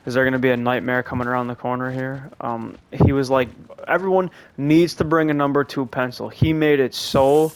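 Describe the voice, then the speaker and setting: A young man with a mid-range voice chats through a gameplay session, drifting between game moves and long, rambling anecdotes. His talk is loose and laid-back, with frequent swearing, over a noisy background. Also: medium pitch. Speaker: gameplay commentator. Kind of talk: casual gameplay commentary with storytelling.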